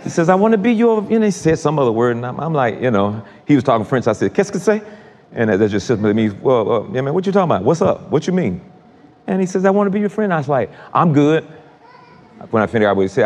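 A man's voice: medium pitch, darkish tone, a little hiss or hum. A man preaching a sermon, chatty and repetitive, talking straight to his congregation. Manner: conversational, repetitive, addresses congregation directly. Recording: long hall reverb.

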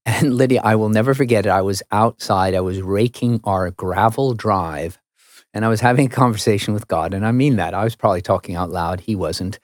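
A middle-aged American man, a radio interview guest, telling a story in a lively, self-mocking way with stammered restarts. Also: on the low side, a little fast, dry recording, studio quality. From United States.

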